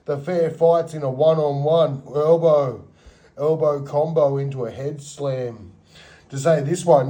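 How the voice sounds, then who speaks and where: A man's voice: a little high, measured pace, warm tone. A middle-aged man narrating footage in a rambling, slangy commentary full of sound effects. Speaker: video narrator. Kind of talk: rambling commentary over game or drawing footage.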